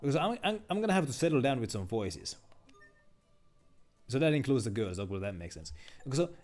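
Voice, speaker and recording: A man's voice: mid-range voice, big pitch swings, brisk, darkish tone, faint music behind. A man streaming a video game, chatting casually and rambling with lots of fillers.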